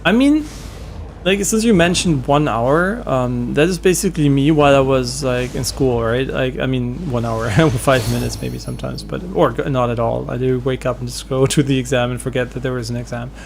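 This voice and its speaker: A man's voice: mid-range voice, normal speed, vocal fry, slight background noise. A young man streaming a game, chatting casually and rambling with lots of fillers and easy laughter. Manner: rambling, loose, laughs often, many fillers. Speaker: gaming streamer. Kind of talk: casual chat while streaming gameplay.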